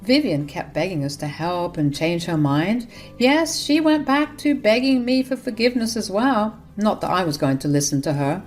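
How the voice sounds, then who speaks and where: A woman telling a first-person story in a steady, matter-of-fact voice of middle pitch. She adds dry, sarcastic jabs at times. Faint music plays softly behind her. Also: moderate pace.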